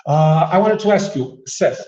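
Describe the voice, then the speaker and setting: A man walks through a software demo in easy conversation, joking and laughing as he goes. He stumbles and restarts often. The audio is roomy and slightly muffled. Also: fairly high pitch, expressive, normal speed. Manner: playful, laughs often, many filler restarts. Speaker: guest demonstrating software. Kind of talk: casual tech demo chat.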